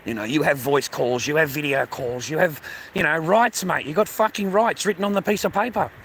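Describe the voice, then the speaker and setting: A man talks straight into his phone as he walks outdoors along a beach. His voice sits a little high, and he is blunt and swears freely, calling his viewers mate and bro. Faint outdoor noise runs underneath. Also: brisk, fairly bright tone. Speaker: vlogger. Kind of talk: casual walking vlog monologue.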